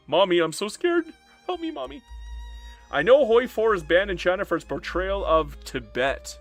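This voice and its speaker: Male streamer, live gameplay commentary, playful mock-complaining, very animated, bright tone. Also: a little high, no echo.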